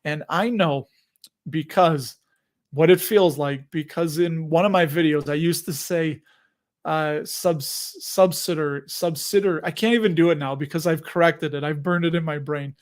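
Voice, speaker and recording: A man's voice: a little high, moderate pace. A man in his forties hosting a live investing stream, chatting casually, rambling and laughing at himself. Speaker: host of a live investing show.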